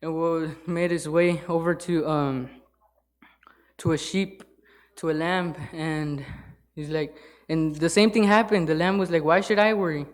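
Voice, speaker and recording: A man giving an informal sermon in church, halting, with many fillers and restarts. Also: a little high, fairly even intonation. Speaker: lay church speaker. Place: church sanctuary.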